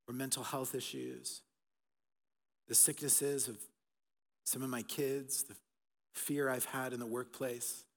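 A middle-aged man preaching an Easter sermon as pastor, swinging between loud emphatic bursts and soft, hushed passages. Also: medium pitch. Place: church auditorium. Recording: long reverb of a large hall.

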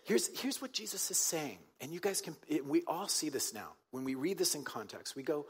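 A man with a slightly raised, husky voice delivers a sermon. He speaks conversationally, often checks in with his listeners, and drives his points home by repeating them. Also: a little high, sing-song, moderate pace, few pauses, long reverb tail. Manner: emphatic, repeats key points. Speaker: pastor.

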